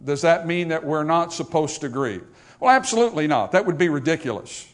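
Male pastor with a slightly high voice, talking through a funeral sermon like a story. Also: lively intonation, brisk. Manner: conversational, storytelling preacher.

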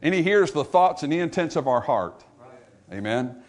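This very animated preacher delivers his sermon at normal speed, calling out to the congregation and repeating phrases for emphasis. He rises to a fervent pitch, then sinks into a soft, low delivery.

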